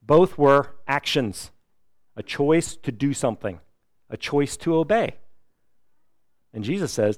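A middle-aged man preaching a sermon, lively and emphatic, now and then acting out the people he quotes. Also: fairly high pitch, takes it slowly, long pauses, no echo, studio quality. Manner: animated preaching, acts out quoted voices. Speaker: pastor.

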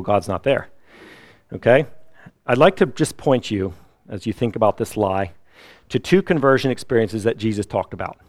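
A middle-aged man preaching a sermon, lively and emphatic, now and then acting out the people he quotes. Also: on the low side, no echo. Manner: animated preaching, acts out quoted voices. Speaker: pastor.

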